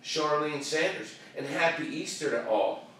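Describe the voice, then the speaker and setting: A high-pitched, bright-voiced man hosts a motivational show, preaching hard with slang and repetition. He sounds set back from the mic in a very echoey room, with faint ambience underneath. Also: unhurried, far from the mic, a little hiss or hum. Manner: animated, preachy, streetwise slang, repeats phrases for emphasis. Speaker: show host. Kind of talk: motivational talk show rant.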